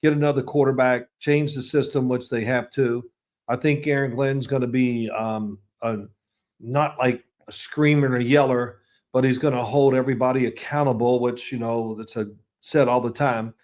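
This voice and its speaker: A man's voice: medium pitch, steady tone, moderate pace, a little mellow. A man in his sixties, a football analyst guest, telling chatty, rambling anecdotes with restarts and chuckles in a casual interview.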